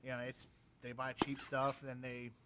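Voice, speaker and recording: A young man talks quickly in an easy livestream chat, trading jokes with his co-host. His pitch sits in an ordinary middle range, and his quick banter never slows down. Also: monotone, crowd noise. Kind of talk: casual chat.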